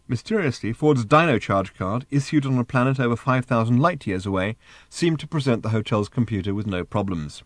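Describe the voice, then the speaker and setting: A man reading an audiobook as narrator, in a wry, even storytelling manner. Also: medium pitch, fairly quick, dry recording. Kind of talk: scripted narration.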